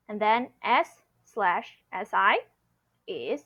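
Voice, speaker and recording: Slow, patient woman teaching pronunciation. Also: on the high side, animated, fairly bright tone. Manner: slow, patient, repeats sounds in drills. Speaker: Mandarin teacher. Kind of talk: pronunciation lesson.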